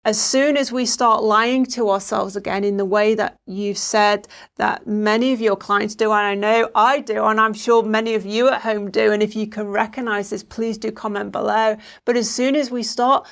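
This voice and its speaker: A woman's voice: mid-range voice, steady tone, moderate pace, gravelly. A woman co-hosting a talk, asking thoughtful questions with hesitant restarts. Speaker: co-host. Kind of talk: conversational questioning.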